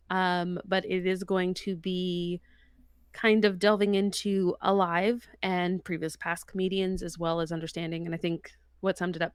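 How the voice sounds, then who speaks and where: A woman's voice: fairly low pitch, smooth, dry recording. A woman co-hosting a casual podcast, giving a bubbly, rambling rundown of entertainment news. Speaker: podcast co-host. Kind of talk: casual chat.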